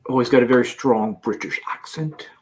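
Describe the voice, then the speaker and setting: A Canadian man with a mid-pitched voice hosts a loose live-stream chat from his campervan. He reads viewer comments aloud and laughs easily. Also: a little fast, darkish tone. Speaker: livestream host. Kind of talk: casual live-chat banter.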